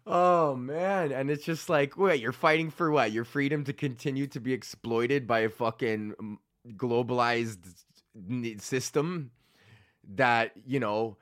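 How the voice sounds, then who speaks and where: A young podcast host with a mid-range, fairly bright voice speaks a little slowly. He rants in a rambling, profane monologue and often laughs at himself.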